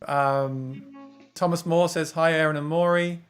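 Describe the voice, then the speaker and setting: A chatty English man hosting a livestream, running through viewer comments and laughing easily. His voice sits a little high for a man. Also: fairly even intonation, measured pace, faint music behind. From England. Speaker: host of a guitar livestream. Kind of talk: casual livestream chat.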